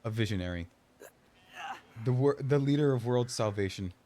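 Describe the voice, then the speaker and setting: A man's voice: mid-range voice, normal speed, warm tone. A man streaming a video game, rambling and joking as he plays and talking back to the characters on screen. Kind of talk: casual gameplay commentary.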